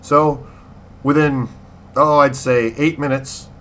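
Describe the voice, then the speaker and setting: A man's voice: mid-range voice, fairly even intonation, takes it slowly, a bit bright. A man in his fifties casually telling a rambling story in a spoken diary, acting out quotes and laughing. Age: 50s. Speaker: video blogger.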